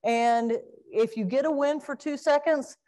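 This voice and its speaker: A middle-aged woman giving an informal talk on training dogs, animated and acting out crying puppies and fussing owners. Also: high-pitched, measured pace. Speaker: dog training presenter.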